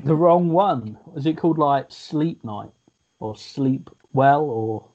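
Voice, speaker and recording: A man's voice: mid-range voice, lively intonation, takes it slowly, a little mellow, lo-fi sound. A man, telling rambling jokey stories in a casual podcast chat. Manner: joking, rambling storyteller.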